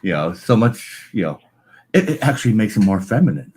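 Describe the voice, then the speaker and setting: A man's voice: on the low side, very animated, a little fast, darkish tone, breathy edge. A man chatting casually as a guest on a live stream, rambling with lots of filler phrases into a large microphone. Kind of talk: casual chat. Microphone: large studio microphone.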